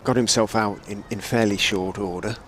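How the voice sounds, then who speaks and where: A man giving live ball-by-ball cricket commentary, measured and telling stories between deliveries. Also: lowish voice, fairly even intonation, fairly bright tone, slight background noise.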